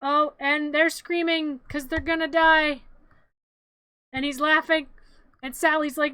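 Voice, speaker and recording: A woman with a high, bright voice gives an animated, rambling play-by-play of a film on a casual stream, cracking jokes as she goes. The sound is dry and close. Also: unhurried, no room sound.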